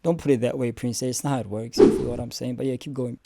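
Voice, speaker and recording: A man's voice: medium pitch, fairly even intonation, racing, gravelly, very noisy. A young man, hosting a casual reaction stream and cursing and joking as he talks back at clips.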